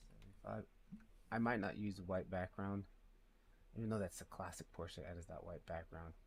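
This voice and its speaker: A deep-voiced man with a gravelly edge talks low and quietly, half to himself, as he works through a live 3D render. Faint noise and mouse clicks sit behind his voice. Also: steady tone, moderate pace. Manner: speaks low and quiet, muttering numbers to himself. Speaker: 3D artist streaming live. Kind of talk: thinking aloud while working.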